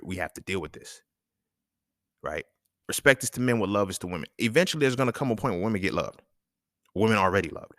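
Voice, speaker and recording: A man with a lowish voice delivers a heated solo rant, casual and full of slang and swearing. The sound is dry and close, with no room around it. He talks like he is venting to a friend. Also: no room sound. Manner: animated, profane, conversational street slang. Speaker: podcast host.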